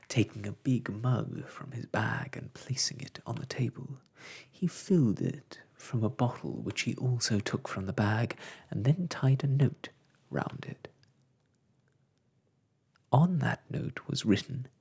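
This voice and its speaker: Man, soft ASMR storybook narration, breathy, gravelly, slow, lively melody. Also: medium pitch. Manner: slow, soft, hushed reading.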